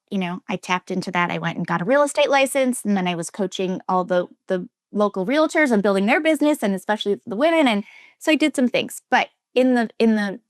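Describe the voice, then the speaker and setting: A woman's voice: medium pitch, no room sound, clean studio sound. Earnest woman sharing a raw personal story. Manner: earnest and emphatic, with frequent restarts and quoted inner voices; drops to a soft, near-whispered tone at heavy moments. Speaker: interview guest, relationship coach.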